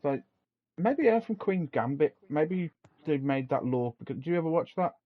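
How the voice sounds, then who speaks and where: A man's voice: a little high, expressive, normal speed. Man, podcast co-host, rambling casual chat, muffled lo-fi audio. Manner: chatty, rambling, laughs often. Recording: dull lo-fi sound.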